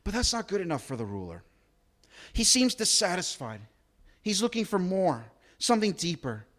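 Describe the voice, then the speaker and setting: Brief: male pastor, chatty sermon delivery, fairly high voice with a wide, lively pitch range. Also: moderate pace. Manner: conversational, acts out quotes, rhetorical questions.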